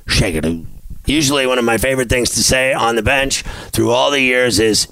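Brash sports-podcast host, male, smooth clean voice, dry close mic, boastful mock-tough delivery. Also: medium pitch, fairly even intonation, brisk, fairly bright tone, no room sound, poor audio. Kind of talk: brash comedic monologue.

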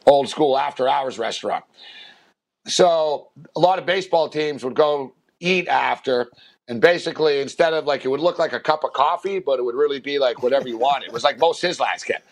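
A man's voice: mid-range voice, brisk. A man on a talk show telling a long anecdote in a casual, rambling way, full of fillers and restarts. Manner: rambling, filler-heavy, animated impressions in quotes. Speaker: radio show host. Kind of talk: casual storytelling chat.

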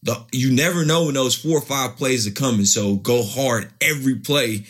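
Man, football player, casual interview talk, rambling, mid pitch. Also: moderate pace, fairly bright tone, husky. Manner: loose, storytelling, many restarts.

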